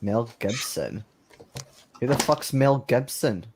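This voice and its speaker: Man in a tabletop game, normal-pitched voice, dry crude humour. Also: animated, takes it slowly, noisy background. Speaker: player. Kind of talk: casual tabletop game chat.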